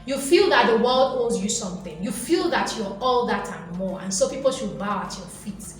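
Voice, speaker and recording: A woman giving an animated motivational talk who lectures her viewers and acts out little voices. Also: mid-range voice, normal speed. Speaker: motivational vlogger. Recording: very echoey room, faint music behind.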